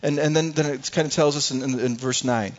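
Male preacher, mid-pitched, chatty and repetitive, dull lo-fi sound. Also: steady tone, brisk. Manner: conversational, repeats words, acts out quotes. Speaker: pastor. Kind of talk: sermon.

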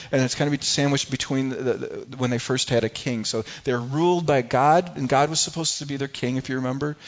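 A male pastor preaches in a middle-pitched voice, often restarting his phrases and then swelling into pleading, quoted prayers. The recording is dull and lo-fi. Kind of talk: sermon.

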